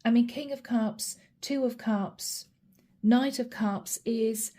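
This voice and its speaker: Mellow-voiced woman doing a chatty tarot reading. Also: a little high, takes it slowly. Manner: chatty, addresses viewer directly, names cards as she draws. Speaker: tarot reader.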